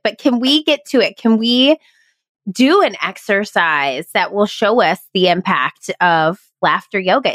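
A woman's voice: mid-range voice, a bit bright, no echo. A woman hosting a podcast interview, who asks questions in an enthusiastic, effusive way. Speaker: podcast host.

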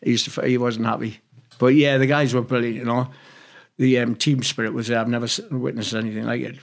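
A man's voice: medium pitch, flat delivery, brisk, creaky. A man from Newcastle with a Geordie accent, a former footballer telling rambling, sweary stories in a casual interview. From Newcastle, England. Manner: blunt, swears freely, rambling anecdotes.

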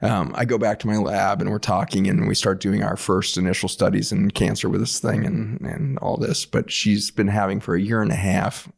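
A man, a doctor, telling an earnest, animated story in conversation and acting out the people in it. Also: lowish voice, normal speed, gravelly, few pauses, husky. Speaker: doctor guest.

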